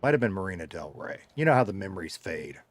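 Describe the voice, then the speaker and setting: A middle-aged man, a streamer reading his chat aloud, talks casually with a live audience, cracking jokes and rambling through stories. His low, sing-song voice moves at a quick clip, and his Southern US drawl thickens and thins as he goes. The recording is dry, with no room sound.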